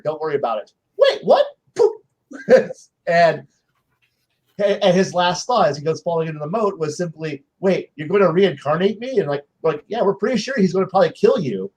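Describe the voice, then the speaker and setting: A man's voice: high-pitched, fairly quick. A man on a panel telling game stories in casual chat, acting out his players' lines and restarting often. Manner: animated anecdotes with many restarts and acted-out quotes.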